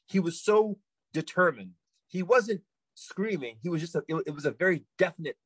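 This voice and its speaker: A man, a podcast guest, telling a story in casual chat, animated, repeating himself with many fillers and restarts. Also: fairly high pitch, normal speed, husky, no echo, rough recording.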